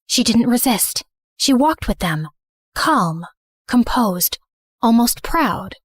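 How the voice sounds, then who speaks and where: A woman's voice: on the high side, lively intonation, slow, slightly rough, dry recording, studio quality. A woman narrating a dramatic first-person story in an earnest storytelling manner.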